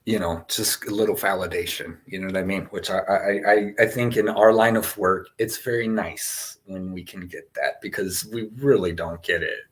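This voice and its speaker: A young man hosts a relaxed spiritual session and talks in long, winding runs full of "you know" and "right?". His voice sits fairly low. He stays loose and lively. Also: moderate pace, hardly any pauses. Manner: rambling, animated, many fillers and laughs, reads chat aloud. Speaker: spiritual teacher hosting a session. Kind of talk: casual spiritual talk to a live chat.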